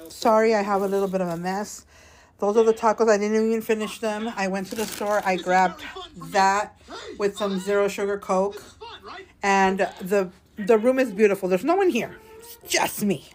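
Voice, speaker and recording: A woman's voice: medium pitch, steady tone, moderate pace, a little mellow. Tipsy woman venting in a hotel room. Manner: chatty, venting, addresses viewers as girl and y'all. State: a little tipsy. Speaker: vlogger. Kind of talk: casual storytime vlog.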